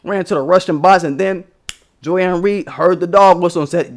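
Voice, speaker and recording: A man's voice: sits high, normal speed. A young man from the United States, hosting a livestream, ranting about politics in a profane, emphatic way with scornful laughs. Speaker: livestream host. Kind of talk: casual political rant.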